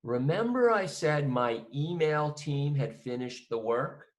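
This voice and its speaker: Slow, deliberate man teaching a lesson. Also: fairly high pitch, expressive. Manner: slow, acts out both sides of a phone call. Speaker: accounting teacher. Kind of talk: conversational lesson.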